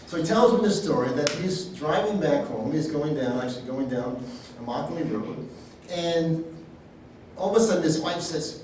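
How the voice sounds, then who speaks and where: A man's voice: a little high, moderate pace, a little hiss or hum. Man preaching in an echoey hall. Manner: storytelling, animated, folksy asides. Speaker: healing ministry teacher. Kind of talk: sermon with personal stories. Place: church hall. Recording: echoey hall, speaker far from the mic.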